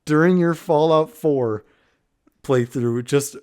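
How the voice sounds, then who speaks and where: A young man co-hosting a casual podcast chat, speaking softly and awkwardly, often trailing off. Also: fairly high pitch, slow pace, clear, resonant tone. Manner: soft-spoken, awkward, trails off. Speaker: podcast co-host.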